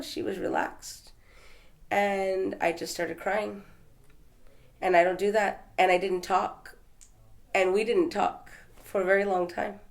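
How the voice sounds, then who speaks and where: A woman's voice: on the low side, gravelly, a little mellow. A woman from Texas telling her story as an interview guest, in a rambling, conversational way with fillers and restarts. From Texas, USA.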